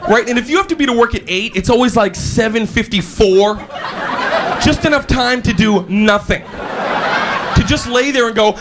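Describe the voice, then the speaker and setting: A man performing stand-up comedy, animated and loud, acting out scenes on a stage before a large audience. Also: extremely high pitch, normal speed, background noise. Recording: live show with crowd laughter.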